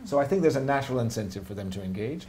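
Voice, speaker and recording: A man's voice: mid-range voice, rapid-fire. Wry Canadian man at a conference. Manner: lively, wry, rhetorical questions. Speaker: panel speaker. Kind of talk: public talk, answering questions. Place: conference hall.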